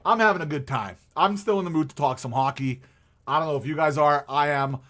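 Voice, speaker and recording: A man's voice: fairly high pitch, brisk, fairly bright tone. A man hosting a live stream, chatting casually about hockey in a rambling way with many fillers and restarts.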